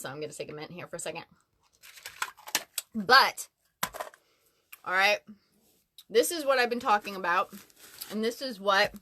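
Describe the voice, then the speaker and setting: A woman's voice: medium pitch, bright, forceful tone. A woman chatting on a casual livestream from her closet, bubbly and talkative, greeting viewers by name. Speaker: livestream host. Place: closet at home.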